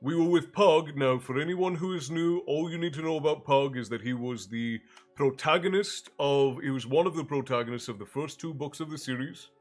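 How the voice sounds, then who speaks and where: A slightly high, slightly quick male voice belongs to a stream host and storyteller who sounds congested and short of breath. He rambles with his live chat, greeting viewers by name and cutting himself off mid-phrase, before reading aloud from a fantasy novel. Soft music plays underneath.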